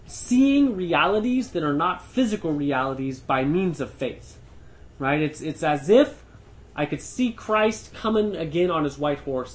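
A man leading a Bible study discussion, thinking aloud with frequent restarts and slow emphasis on key words. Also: a little high. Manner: thoughtful, restarts often, stresses words slowly. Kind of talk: teaching discussion.

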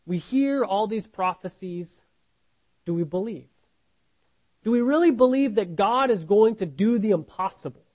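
An earnest male preacher teaching from scripture, his voice sitting high. He asks the listeners question after question, often restarting words and tagging lines with "right?". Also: expressive, measured pace, darkish tone, low-quality recording. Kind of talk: sermon, Bible teaching.

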